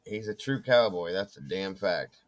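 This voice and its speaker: A man's voice: low-pitched, moderate pace. A man telling a story in casual chat, acting out the voices of the people in it. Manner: animated storyteller, acts out quoted voices. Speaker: co-host.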